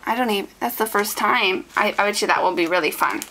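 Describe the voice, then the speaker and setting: A woman's voice: medium pitch, quick pace, poor audio. Gushing woman unboxing craft goodies. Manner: gushing, excited, addresses viewers as guys. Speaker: scrapbooking vlogger. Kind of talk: casual unboxing chat.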